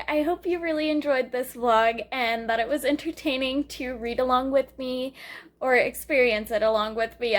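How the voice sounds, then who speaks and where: A woman's voice: sits high, fairly bright tone. A young woman vlogging casually about a book she is reading, gushing and emotional, laughing often.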